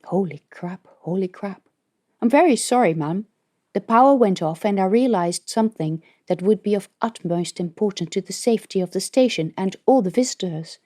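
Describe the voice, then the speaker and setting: A woman's voice: mid-range voice, animated, moderate pace, dark tone, lightly acted. A woman voicing a flustered, earnest male space biologist in an audiobook, apologetic in tone.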